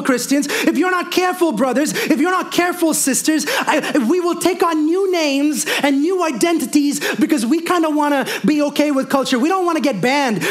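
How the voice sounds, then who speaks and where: With an extremely high voice, a pastor preaches a sermon, calling out to his congregation in call-and-response style. He mixes wry humor and asides, and his declarations climb to near-shouting.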